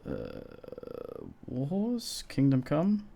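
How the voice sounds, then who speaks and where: A male game streamer talking casually over his play. He rambles, swears freely and often restarts his sentences. His voice sits in an ordinary middle pitch. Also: wildly swooping pitch, extremely slow, creaky, warm tone. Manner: rambling, profane, with frequent restarts. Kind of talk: casual live-stream commentary.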